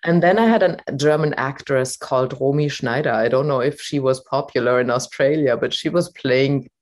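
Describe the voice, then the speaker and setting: A woman's voice: a bass voice, moderate pace, darkish tone. A woman voice coach talking as an interview guest, thoughtful and hesitant, with many fillers. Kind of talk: interview guest, reflective chat.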